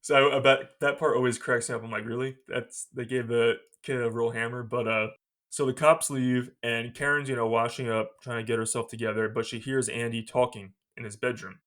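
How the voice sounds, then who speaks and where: A man hosting a podcast, retelling a movie scene by scene in a casual, animated way and laughing often. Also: medium pitch, a little fast. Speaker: podcast host.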